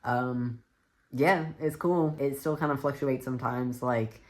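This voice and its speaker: A young man vlogging a casual to-camera update, relaxed and chatty with plenty of fillers. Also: mid-range voice, a little slow.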